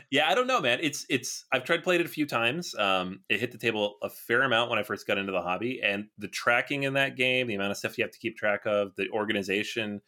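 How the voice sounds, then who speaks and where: A man's voice: mid-range voice, expressive, a little fast, sharp tone. A man giving candid, opinionated views in a casual podcast chat.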